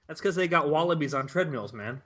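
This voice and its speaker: A man's voice: on the high side, a little fast. A man co-hosting a casual group chat, cracking jokes. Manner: joking, animated. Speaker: podcast co-host.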